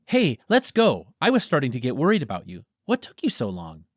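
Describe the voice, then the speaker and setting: A man's voice: mid-range voice, wildly swooping pitch, a little fast, dry recording, clean studio sound, voice pushed up. A man voicing a cheerful, teasing young woman in an audiobook. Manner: teasing, upbeat.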